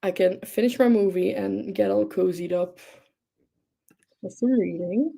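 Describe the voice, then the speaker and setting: Speaking a little slowly, this young livestream host has a mellow, creaky voice of medium pitch. Her casual chatter bubbles with enthusiasm and is packed with filler words.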